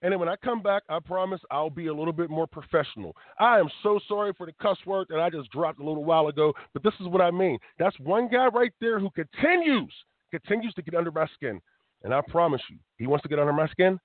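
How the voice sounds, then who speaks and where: A man's voice: fairly high pitch, quick pace, dry recording. Riled-up male wrestling talk host. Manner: animated, riled up, emphatic. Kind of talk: heated radio talk. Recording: tinny phone-quality internet radio.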